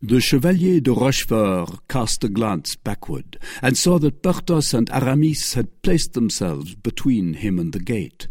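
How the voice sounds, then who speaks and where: A man narrating a classic adventure novel as an audiobook in an expressive reading voice. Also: measured pace, hardly any pauses, slightly rough, dry recording, clean studio sound. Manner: expressive, varied pitch reading. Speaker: audiobook reader.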